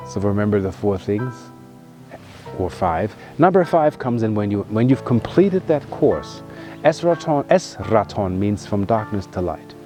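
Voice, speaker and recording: A man giving an earnest spiritual monologue as a wellness vlogger, emphatic and heartfelt, moving between loud pushes and hushed, soft passages. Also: lowish voice, expressive, a little slow, faint music behind.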